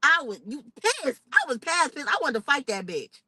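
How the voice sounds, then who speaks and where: Animated young woman telling a story. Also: high voice, normal speed, dry recording, poor audio. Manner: animated, expressive retelling with outraged quoted asides. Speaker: vlogger. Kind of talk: casual storytime vlog.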